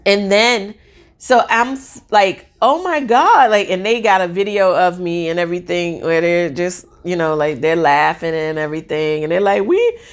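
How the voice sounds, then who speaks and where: A woman in her forties telling a personal story in a casual, rambling, excitable way with lots of fillers. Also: fairly low pitch, moderate pace, clear, resonant tone.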